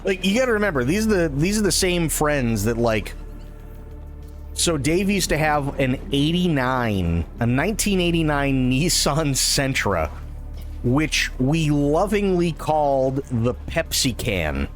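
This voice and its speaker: A fairly high-pitched man on a live game stream, telling a rambling tale with lively swings in his voice. He swears freely and laughs at his own stories, and faint game music sits behind him. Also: measured pace. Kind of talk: casual storytelling during a live game stream.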